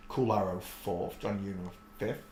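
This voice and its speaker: A man's voice: low voice, fairly even intonation, measured pace, darkish tone. An English man hosting a casual live stream from his cold room at home, chatting to viewers and his pets while he clicks through posts. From England. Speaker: livestream host. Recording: echoey room with faint background noise.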